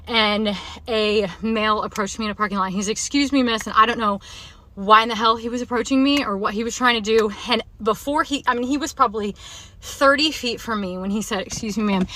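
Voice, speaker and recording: A woman's voice: fairly high pitch, bright, forceful tone. A shaken-up woman telling a personal story to camera in a casual vlog, agitated and emphatic, repeating herself for stress.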